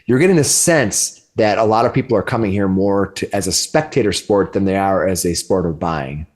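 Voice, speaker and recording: Male game master, low, halting narration. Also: a little mellow. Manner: halting, many restarts while describing.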